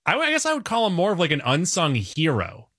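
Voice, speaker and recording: A man talks movies on a podcast, playful and animated, his pitch swinging widely. He sits slightly high in his voice, and the sound is dry and close. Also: brisk, no echo. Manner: animated, playful, acts out quotes. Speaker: podcast co-host. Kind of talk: casual movie review chat.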